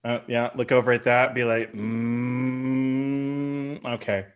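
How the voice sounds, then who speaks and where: A man's voice: medium pitch, monotone, fairly quick, fairly bright tone. A man describing his character's actions in a tabletop game, casual and hesitant with lots of fillers. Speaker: player.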